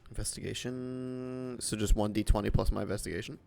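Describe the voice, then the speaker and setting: A man playing a tabletop game, speaking quietly and haltingly. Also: fairly low pitch, steady tone, creaky, slight background noise. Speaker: player. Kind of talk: casual game chat.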